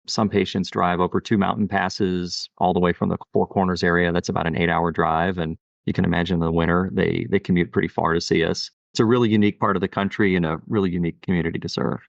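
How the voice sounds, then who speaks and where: A man's voice: deep voice, level tone, fast, gravelly, few pauses, no echo, lo-fi sound. A middle-aged man, a pediatric endocrinologist, talking earnestly and thoughtfully in a podcast interview, often saying "you know". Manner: earnest, reflective, with many "you know" fillers.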